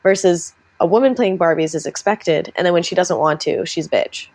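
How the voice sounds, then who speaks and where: Young woman, podcast co-host, casual storyteller, a little low in pitch, animated quotes. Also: moderate pace. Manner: chatty storyteller, acts out quotes in animated voices. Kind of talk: casual chat.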